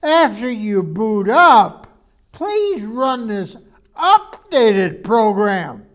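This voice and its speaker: Exasperated blustery man, slow and animated. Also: high voice. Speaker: comedy show host. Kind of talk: comedy sketch.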